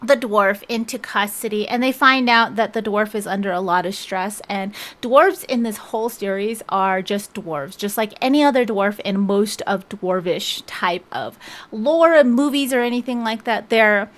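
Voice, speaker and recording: A woman's voice: mid-range voice, normal speed. A woman book vlogger recapping a novel's plot in a rambling, casual way, full of fillers and restarts. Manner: rambling, chatty, frequent "like" and restarts.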